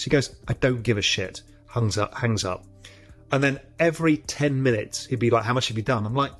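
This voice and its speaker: A man tells a trading story in a slightly husky voice, animated and casual, acting out the voices on the other end of the phone. Faint music plays underneath. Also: medium pitch, moderate pace. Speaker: interview guest, former trader. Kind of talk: storytelling anecdote.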